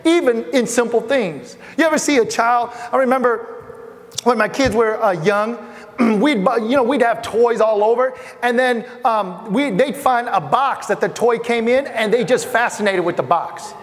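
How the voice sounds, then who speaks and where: A man preaching in a church, his voice unusually high and carried by a long reverberant tail. He builds through emphatic repeated lists, then drops soft and low to tell personal stories. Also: normal speed. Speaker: pastor. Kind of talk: sermon. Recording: reverberant hall.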